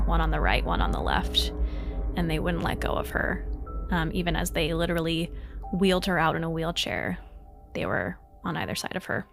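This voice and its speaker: A woman's voice: on the low side, gravelly, a bit bright. A young woman hosting a podcast, telling personal ghost stories casually with many fillers and asides. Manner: rambling, lots of fillers, emotional at times. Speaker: podcast host.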